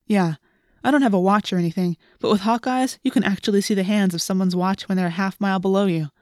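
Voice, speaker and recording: A woman's voice: mid-range voice, fast talker, a little mellow, no room sound, clean studio sound, close to an everyday voice. A woman voicing an eager, enthusiastic teenage boy who loves flying, in an audiobook reading. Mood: excited.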